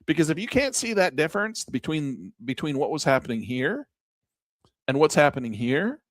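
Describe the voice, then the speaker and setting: Lively folksy man teaching trading. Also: on the high side, moderate pace. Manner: animated, folksy, talks over a chart. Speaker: trading instructor. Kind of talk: screen-share trading lesson.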